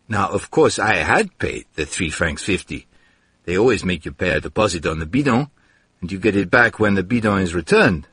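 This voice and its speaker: A man's voice: deep voice, expressive, normal speed, a bit bright, slightly rough, no room sound. A man reading a first-person story aloud in a dry, wry storytelling manner. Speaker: narrator. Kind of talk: first-person audiobook narration.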